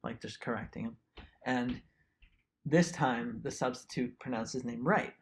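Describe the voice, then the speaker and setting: A man's voice: medium pitch, measured pace, slight background noise. A young man co-hosting a podcast, telling rambling stories in casual chat and laughing often. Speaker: podcast co-host.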